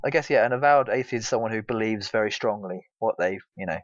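A man's voice: lowish voice, quick pace, no echo, dull audio. A British man co-hosting a casual gaming podcast, rambling with lots of fillers. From Britain. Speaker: podcast co-host. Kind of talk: casual chat.

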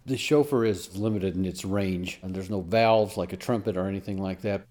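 A man interviewed about playing the shofar, talking earnestly and haltingly with repeated words. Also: low-pitched, a little mellow. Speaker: trumpeter and shofar blower.

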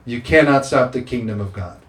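A man's voice: medium pitch, a little fast. A man preaching a sermon as pastor, emphatic and repeating scripture declarations. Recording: roomy sound with faint ambience.

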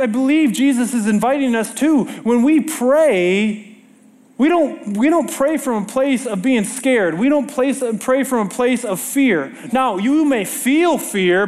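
A middle-aged man delivers a sermon from a church stage in a strikingly high voice. He tells stories with animation and keeps turning to the congregation with rhetorical questions. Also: a little mellow. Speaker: preacher.

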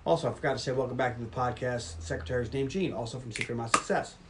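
A man hosting a podcast, casually retelling a film's plot in a brisk storytelling manner. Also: mid-range voice, far from the mic, heavy background noise. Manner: brisk storytelling, mimics characters. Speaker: podcast host. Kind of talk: casual film recap.

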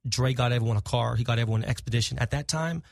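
A middle-aged man on a podcast, telling animated, profane stories in casual chat and acting out the people he quotes. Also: medium pitch, rapid-fire, creaky, dry recording, studio quality. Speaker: podcast guest. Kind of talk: casual storytelling.

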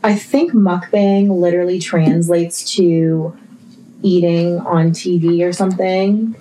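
Young woman podcast co-host, swears freely, talks in lively, filler-filled bursts. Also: fairly low pitch, takes it slowly, slight background noise, low-quality recording. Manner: profane, animated, filler-heavy. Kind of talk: casual chat storytelling.

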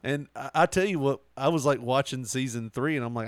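A man's voice: mid-range voice, a little fast, dry recording, studio quality. A man in casual podcast chat, telling stories and laughing often. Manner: laughs often, animated storytelling. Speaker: podcast co-host.

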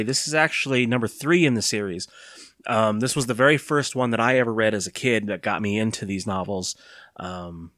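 A man's voice: fairly low pitch, dry recording, clean studio sound. Man reading a children's horror novel aloud. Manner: casual asides with fillers, then steady narration. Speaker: reader.

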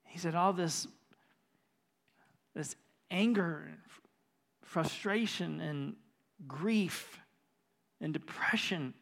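A man preaching a sermon, retelling a conversation with quiet hushed stretches and rising, intense passages. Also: fairly high pitch, slow, vocal fry, pauses often. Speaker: pastor. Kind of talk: sermon storytelling. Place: church.

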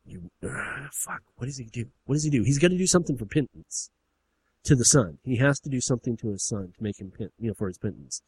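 A man's voice: mid-range voice, fast talker, darkish tone, slightly rough, no room sound. A man casually brainstorming a story, hesitant and thinking aloud. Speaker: co-writer.

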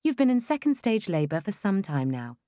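A woman's voice: mid-range voice, sing-song, brisk, dark tone, no echo, clean studio sound, natural voice. A woman voicing a reassuring, encouraging female midwife.

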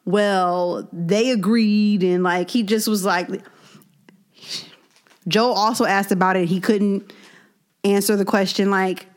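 A woman co-hosting a casual politics podcast, animated, opinionated and playful. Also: mid-range voice, measured pace, long pauses. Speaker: podcast co-host. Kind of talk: casual chat about politics.

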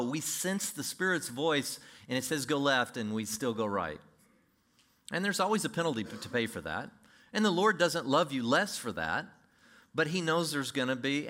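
A male pastor delivering a sermon with a bright, forceful tone. He preaches in an animated way, slipping into little acted voices and reading scripture aloud. His pitch sits in an ordinary middle range.

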